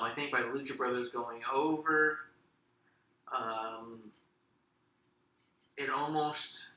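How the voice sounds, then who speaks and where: A blunt, sarcastic man talks wrestling in casual, profanity-laced chat. His voice is very bright and cutting, and it comes from a little way off the mic in an echoey room with faint noise behind it. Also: medium pitch, recorded from a distance. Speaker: podcast co-host.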